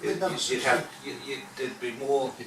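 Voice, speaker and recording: Brief: audience man, hesitant restarts, echoey hall, clear background hiss. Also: mid-range voice, little pitch movement, normal speed. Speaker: audience member. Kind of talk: public meeting discussion. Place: meeting room. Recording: echoey room, distant mic, audible hiss.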